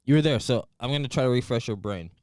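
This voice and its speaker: A man's voice: medium pitch, quick pace, a little mellow, dry recording, clean studio sound. A man co-hosting a casual live-stream chat, telling a story with lots of fillers, restarts and laughs. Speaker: co-host. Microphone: desk mic, headphones.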